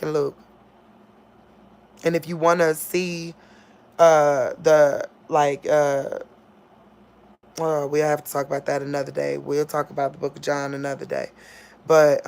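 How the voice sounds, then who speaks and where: A woman giving an informal spiritual talk on a livestream. She laughs often and acts out quotes in a loud voice. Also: sits low. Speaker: online preacher.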